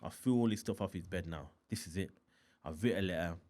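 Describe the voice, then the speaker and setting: A man's voice: low voice, quick pace. A man from Birmingham with a Birmingham accent, an interview guest telling a story in casual, slangy talk and acting out the scenes. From Birmingham, England. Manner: animated, slangy, acts out scenes.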